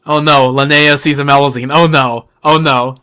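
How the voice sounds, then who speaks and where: A gaming YouTuber giving casual, joking commentary while playing and reacting loudly. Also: medium pitch, fairly even intonation, normal speed, smooth.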